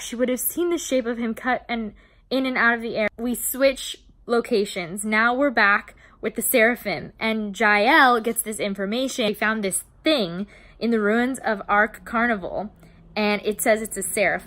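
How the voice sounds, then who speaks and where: A young woman talks through a novel's plot in a chatty, unpolished way, clearly invested in the characters. Her voice sits a little high and sounds bright and forward. She lets the odd swear slip and gets openly emotional. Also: normal speed. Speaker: book vlogger. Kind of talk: casual book recap.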